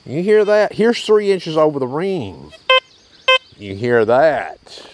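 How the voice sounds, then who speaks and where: Slow, lively-voiced man outdoors. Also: on the high side, heavy background noise. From Tennessee, USA. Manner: folksy, drawling, keeps checking in with "okay?" and "you hear that?". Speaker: metal detecting channel host. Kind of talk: casual outdoor equipment demo.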